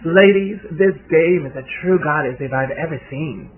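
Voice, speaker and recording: A man voicing a glamorous young businesswoman who speaks in a hushed, cooing drawl, on a tinny, lo-fi recording. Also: lowish voice, very animated, moderate pace, slight background noise, pitched above the performer's own voice. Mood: gushing, adoring. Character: glamorous young woman entrepreneur, gushing. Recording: tinny phone-like lo-fi sound.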